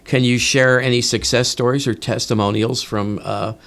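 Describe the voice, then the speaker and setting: A man's voice: mid-range voice, steady tone, moderate pace, gravelly, a bit bright. A man hosting a podcast interview, who asks plain follow-up questions and chimes in with short encouraging replies. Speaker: podcast host. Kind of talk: casual interview.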